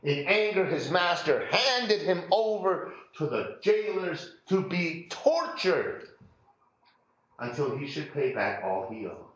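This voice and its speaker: Animated high-voiced male preacher, echoey. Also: slow pace, dull audio. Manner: animated storytelling, acting out quotes with humor. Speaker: pastor. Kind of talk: sermon.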